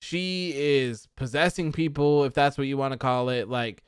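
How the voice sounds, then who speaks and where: Young male streamer, smooth clear voice, dry close sound, rambling frustrated rant. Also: mid-range voice, moderate pace, no room sound. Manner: frustrated, rambling, reads chat comments aloud. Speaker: livestream host. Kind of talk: casual wrestling post-show chat.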